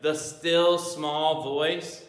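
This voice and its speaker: A man preaching a sermon, animated, shifting between loud emphasis and quiet asides. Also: fairly high pitch, very slow, roomy sound. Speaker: pastor.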